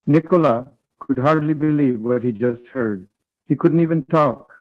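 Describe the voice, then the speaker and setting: A man reading a third-person story aloud in a flat, read-aloud way as a call partner. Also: medium pitch, moderate pace. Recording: tinny online call audio.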